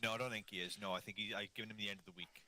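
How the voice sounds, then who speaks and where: A man's voice: on the low side, fairly even intonation, rapid-fire, a crowd in the background. A man leading a gaming unit, chatting casually over voice chat and acting out the quotes in his stories. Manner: chatty storyteller, acts out quotes. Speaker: milsim unit leader.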